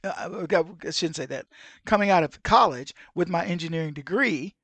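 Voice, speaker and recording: A middle-aged man with a notably high voice for a man, hosting his own commentary show. He tells stories in an animated way, slipping into the voices of the people he quotes. The sound is dry and close, with no room around him. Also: moderate pace, no echo. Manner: animated storyteller who acts out the people he quotes. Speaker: podcast host. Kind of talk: opinion commentary.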